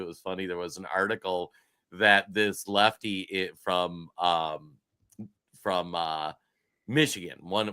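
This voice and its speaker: Low-voiced, forceful male podcast host. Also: dry recording. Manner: rambling, laughs while talking, restarts often. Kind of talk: casual political chat.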